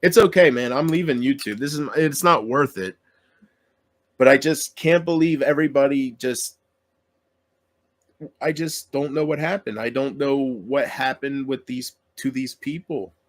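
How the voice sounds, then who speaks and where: A man's voice: mid-range voice, measured pace. A man YouTuber in an emotional solo rant to his viewers, aggrieved and self-pitying, swearing often and trailing off mid-sentence.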